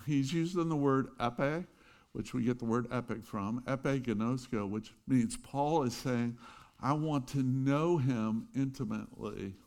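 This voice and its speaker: A middle-aged pastor telling a lively story in his sermon, with chuckling asides. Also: mid-range voice.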